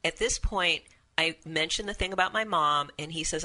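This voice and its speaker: Bright-voiced woman telling a candid story. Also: deep voice, moderate pace. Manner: candid, animated storytelling with acted quotes. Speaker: podcast guest storyteller. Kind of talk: casual chat.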